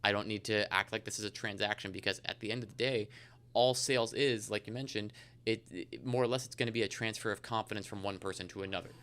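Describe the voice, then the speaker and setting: A man's voice: lowish voice, fairly even intonation, fast talker, a bit bright, slight background noise. A man talking as a guest in a casual podcast interview, rambling along with many fillers. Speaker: insurance agent guest.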